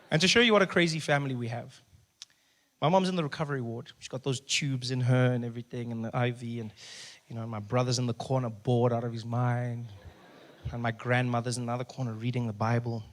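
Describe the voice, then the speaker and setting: A man with a South African accent doing stand-up comedy on stage before a live audience, telling stories in an animated, playful way. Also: mid-range voice, brisk, pauses often.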